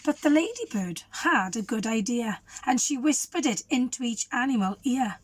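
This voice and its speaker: A woman teacher, a little croaky, reading a children's storybook aloud and asking the listeners questions. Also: a little high, very animated, moderate pace. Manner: warm, asks the children questions. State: hoarse.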